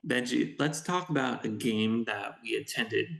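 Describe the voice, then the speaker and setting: A man co-hosting a casual podcast chat, with a gravelly, creaky edge in his voice. He tells stories with animation and acts out how people reacted. He is recorded in an echoey room. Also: mid-range voice, measured pace, fairly bright tone. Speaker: podcast co-host.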